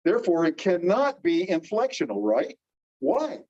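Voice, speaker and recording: A man's voice: sits high, wildly swooping pitch, moderate pace, darkish tone. A man teaching a class, explaining things step by step and putting questions to his students. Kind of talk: classroom lecture. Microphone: phone across the room. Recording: dull phone recording from a distance.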